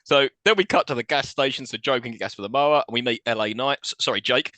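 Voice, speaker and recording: A man's voice: medium pitch, fast talker, pushed and bright, no echo. A man co-hosting a podcast, recapping a film plot in casual chat and laughing often. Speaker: podcast co-host.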